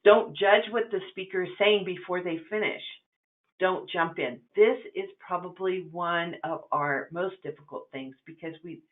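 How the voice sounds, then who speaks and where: Lady giving a webinar talk, lowish voice, chatty teaching tone w/ lots of ums, sounds like it's coming thru a phone. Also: phone-quality sound. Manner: conversational and instructive, with frequent ums. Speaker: presenter. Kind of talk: webinar lecture.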